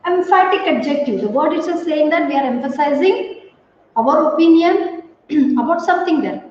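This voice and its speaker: A woman teaching a grammar lesson to students, speaking slowly and deliberately and repeating key words. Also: high voice, a little mellow, slight background noise. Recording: roomy, echoey, distant, dull audio.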